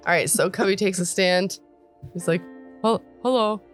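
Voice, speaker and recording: A woman's voice: on the low side, fairly even intonation, moderate pace, faint music behind. Chatty woman running the game. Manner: casual, giggly, chatty. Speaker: game master. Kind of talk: narrating a tabletop game.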